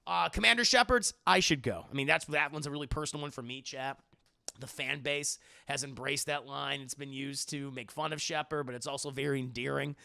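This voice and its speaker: A man chatting casually on a livestream, swearing freely and loudly imitating game lines. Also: medium pitch, a little fast, vocal fry, smooth, no echo. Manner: profane, animated, quoting game lines in loud voices. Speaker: streamer answering viewer questions.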